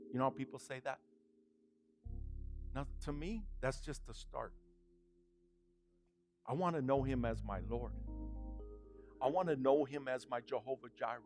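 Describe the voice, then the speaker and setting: Animated preacher telling a story. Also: male voice, medium pitch, normal speed, pauses often, faint music behind. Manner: animated, conversational, laughing at his own stories. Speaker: pastor. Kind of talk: sermon storytelling.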